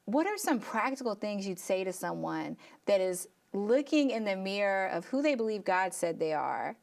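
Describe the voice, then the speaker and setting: A woman's voice: mid-range voice, very animated, moderate pace, gravelly. Affirming woman interview host. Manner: affirming, asks long layered questions. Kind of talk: faith-based interview.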